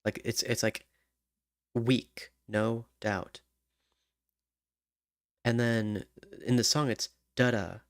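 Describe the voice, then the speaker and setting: A man mutters to himself at a computer, slow and halting as he works on song lyrics. Between tries he hums wordless tunes. His voice sits close and dry, with no room sound. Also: medium pitch, steady tone, no room sound. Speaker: songwriter. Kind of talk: thinking aloud while writing lyrics.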